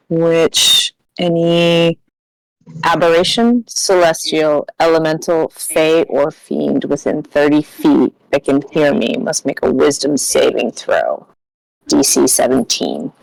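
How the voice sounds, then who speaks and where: A woman's voice: low voice, gravelly, dry recording, rough recording. A woman playing a tabletop game, describing her character's actions in a rambling way. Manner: rambling, says like a lot. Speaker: player.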